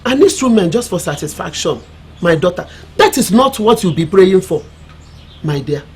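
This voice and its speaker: A woman's voice: fairly low pitch, sing-song, moderate pace, slightly rough, full character voice. An actress playing a wise village mother with a Nigerian accent, counselling her daughter through proverbs. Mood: knowing. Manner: knowing, proverb-laden counsel.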